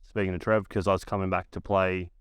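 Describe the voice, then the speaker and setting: A former professional basketball player in his thirties, speaking with an Australian accent, guests on a podcast in a smooth, low, level voice at a quick pace, with no room sound. He relaxes into a long, casual story, cursing freely and padding it with lots of "like" fillers.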